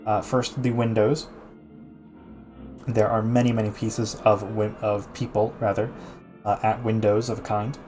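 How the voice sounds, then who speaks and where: A man's voice: lowish voice, level tone, a little slow, long pauses, darkish tone, soft background music. A man streaming a casual art gallery talk, chatty, with many restarts, answering his chat. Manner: chatty, frequent restarts and fillers, laughs easily, reads chat aloud.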